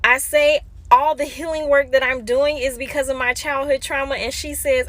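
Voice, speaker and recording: High, bright-voiced emphatic woman. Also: steady tone, normal speed, few pauses. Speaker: storyteller sharing her family story. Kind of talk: casual personal storytelling.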